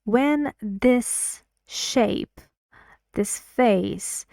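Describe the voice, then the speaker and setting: A woman's voice: on the high side, extremely slow, creaky, a little mellow, no room sound, clean studio sound. A woman teaching an English pronunciation lesson, repeating words and sentences to model stress and falling intonation.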